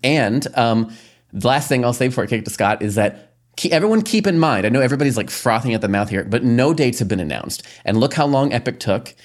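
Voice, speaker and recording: A man's voice: mid-range voice, animated, fast talker. A man hosting a podcast, chatting casually with frequent fillers and laughs. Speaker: podcast host. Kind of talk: casual discussion.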